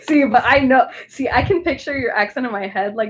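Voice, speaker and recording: Talking a little fast in a fairly high voice, a young woman with a Southern Californian accent rambles to her livestream audience while crafting at home, restarting often. The recording is low quality.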